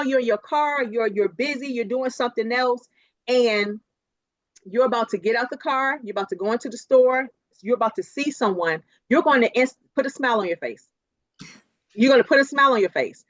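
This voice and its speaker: A woman with a fairly high voice gives a motivational talk, lively and quick to laugh, repeating her points for emphasis. The sound is dry and a little dull, like video call audio. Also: no room sound. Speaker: keynote speaker.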